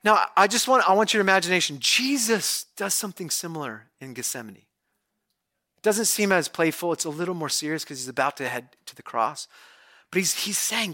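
A male pastor giving a conversational, animated sermon, retelling scripture as a story. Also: sits high, normal speed.

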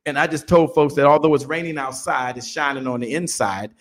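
Man in his fifties, motivational guest, animated storyteller, repeats himself when excited. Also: a little high, fairly quick. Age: 50s. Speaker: business guest. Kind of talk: motivational interview talk.

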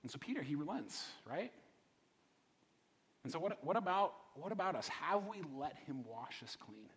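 A male pastor delivers a sermon in a lively, swooping voice with a husky edge. He talks casually, stumbling over repeated words and checking in with rhetorical questions. The sound carries a long reverb, like a large church hall. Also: fairly high pitch, normal speed. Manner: animated, conversational preaching with many repeated words and rhetorical questions.

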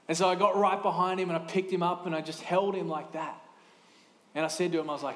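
A man in his thirties preaching a sermon in a lively, conversational way, with quick asides and restarts. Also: a little high, echoey room. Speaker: pastor.

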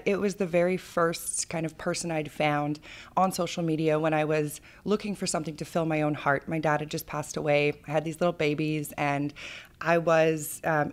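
Ernste Frau mit tiefer Stimme, kanadischer Akzent. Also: female voice, deep voice. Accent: Canadian. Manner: earnest, animated storyteller with fillers. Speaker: charity founder, interview guest. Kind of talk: emotional podcast storytelling.

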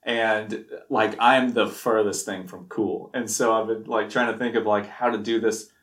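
A man's voice: on the low side, steady tone, moderate pace, fairly bright tone, reverberant. A young man from Knoxville, USA, co-hosting a casual podcast chat. He is self-deprecating, jokes a lot and laughs often. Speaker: podcast co-host.

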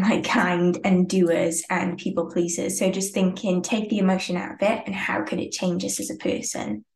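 Woman, casual motivational host, chatty questioner, echoey room. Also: mid-range voice. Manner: chatty, asks many rhetorical questions. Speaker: host of a group self-improvement session.

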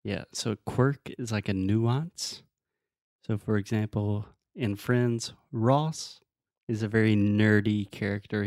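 A man's voice: lowish voice, creaky, a little mellow, no echo, studio quality. A man co-hosting a podcast as an English teacher, patiently explaining words and drilling pronunciation in casual chat.

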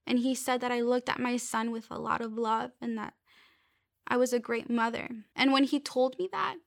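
High-voiced young woman giving a halting testimony. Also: creaky, no room sound, clean studio sound. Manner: earnest, halting with repeated restarts. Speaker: speaker sharing a faith testimony. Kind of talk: personal faith testimony.

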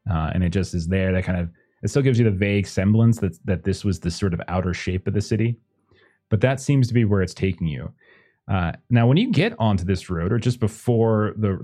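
A man's voice: low voice, warm tone. A man running a tabletop game as game master, narrating loosely with many fillers. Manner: hesitant, lots of kinda and uh.

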